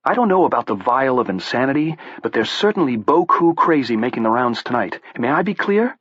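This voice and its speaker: A man's voice: mid-range voice, big pitch swings, a little fast, a bit bright, husky, no room sound, muffled recording, voice pushed up. A man voicing a mild but bitter middle-aged man who speaks in a dry, sardonic way.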